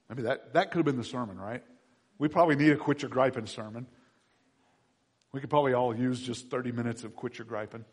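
A man preaching a sermon to his congregation, asking them questions and swinging between loud shouted passages and quiet low ones. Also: fairly quick, husky, in a large hall. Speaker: pastor.

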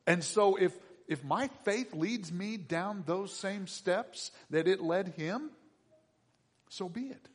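A man preaching a sermon as pastor, moving between hushed reflection and loud, excited bursts. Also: sits high, slow, few pauses, breathy edge. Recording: long hall reverb.

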